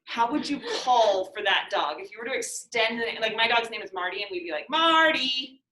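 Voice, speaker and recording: A woman's voice: mid-range voice, a little fast, fairly bright tone, echoey room, slight background noise, rough recording. A woman teacher explaining a lesson to students in a classroom, patient and using everyday examples.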